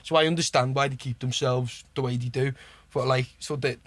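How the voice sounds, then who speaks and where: A man from Liverpool with a Liverpool accent, a podcast guest telling rambling, animated stories in casual chat, full of "like" and "you know what I mean" and swearing. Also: medium pitch, a little fast, no echo. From Liverpool, England.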